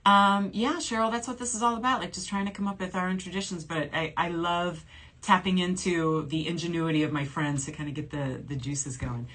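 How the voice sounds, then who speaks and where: This shopping channel host is a woman in her forties from New Orleans, USA, with a lowish, slightly bright voice, fairly even intonation, and a brisk pace. On a livestream she chats casually, reads out viewer comments, and laughs a lot.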